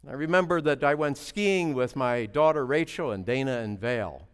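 A man preaching a sermon and telling a family story, swinging between loud emphasis and hushed moments, with halting repeats. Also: medium pitch, expressive, clear, resonant tone. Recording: long reverb of a large hall.

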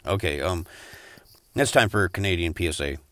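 A young man hosting a crude comedy podcast, hesitant with many fillers and quick to swear. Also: low voice, animated, fairly bright tone, no echo, clean studio sound. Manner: hesitant, full of "um", bursts into angry swearing. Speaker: podcast host.

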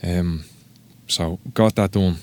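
A man with a Dublin Irish accent, a tattoo artist telling stories on a casual podcast, sweary and animated as he acts out what people said. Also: sits low, slow pace. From Ireland. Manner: sweary, animated storyteller acting out quotes.

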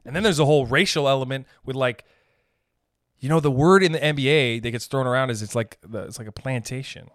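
A man hosting a podcast, ranting in a rambling, profane, comedic way and slipping into quick character voices. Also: medium pitch, no room sound, clean studio sound. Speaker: podcast host. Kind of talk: casual comedic rant.

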